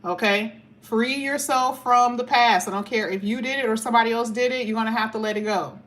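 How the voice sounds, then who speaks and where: A woman's voice: fairly high pitch, fairly even intonation, fast. A woman talking casually through a tarot card reading. She is chatty and emphatic and stretches out key words. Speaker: tarot reader.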